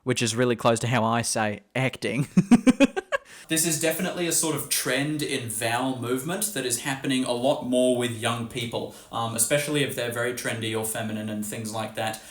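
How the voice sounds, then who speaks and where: A man's voice: medium pitch, fairly even intonation, a little fast, hardly any pauses, reverberant. A man with an Australian accent giving a casual, chatty lesson on accents, swearing offhandedly and demonstrating vowel sounds. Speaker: language teacher.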